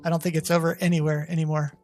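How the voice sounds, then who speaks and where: A gaming channel host giving gameplay commentary, talking straight to viewers with excited, exasperated outbursts. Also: medium pitch, racing, soft background music. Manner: talks to viewers as "guys".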